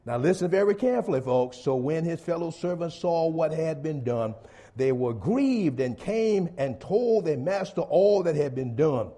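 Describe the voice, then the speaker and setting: A man preaching a sermon to his congregation, pressing key words hard, then dropping low and quiet, calling his listeners folks. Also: animated, moderate pace. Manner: swings between loud stressed phrases and low quiet asides.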